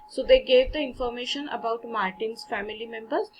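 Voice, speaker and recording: A woman's voice: a little high, a little fast, hardly any pauses, a little hiss or hum, poor audio. A woman from India, teaching a French textbook lesson, reading short dialogues aloud and explaining them casually in with frequent fillers.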